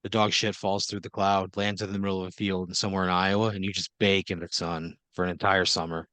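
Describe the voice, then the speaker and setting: A man's voice: low-pitched, level tone, brisk, sharp tone, no echo. A man hosting an improvised comedy podcast, narrating a story casually with lots of fillers and laughter. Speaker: host and game master.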